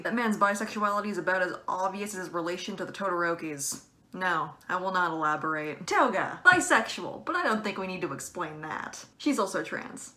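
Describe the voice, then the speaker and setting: A woman's voice: on the low side, bright, forceful tone. A young woman giving playful, sassy commentary in a casual vlog, with sudden emphatic outbursts. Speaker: video creator.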